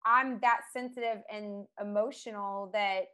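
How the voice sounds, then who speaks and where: A woman chats casually and tells personal stories with lively emotion. Her pitch sits in the middle of the range, and she laughs often as she talks. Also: unhurried, clean tone. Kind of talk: casual chat.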